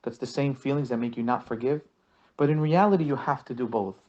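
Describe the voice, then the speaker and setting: Rabbi teaching with dull, muffled sound. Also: male voice, mid-range voice, brisk, a little mellow. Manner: repeats words when starting sentences, acts out quotes. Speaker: rabbi teaching a marriage course. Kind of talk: lesson with storytelling examples.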